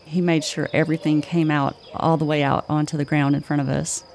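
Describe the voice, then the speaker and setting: A woman co-hosting a podcast, telling a spooky story in a slow, measured way. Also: deep voice, a little hiss or hum. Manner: slow, measured, flat delivery. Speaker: podcast co-host. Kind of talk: spooky campfire-style storytelling.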